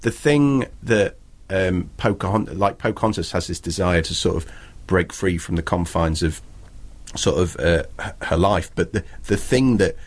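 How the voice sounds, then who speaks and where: A man in an easy podcast chat with a friend. He mocks and jokes along, agreeing often and laughing. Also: low-pitched. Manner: laughing, mocking banter, quick to agree. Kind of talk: casual chat.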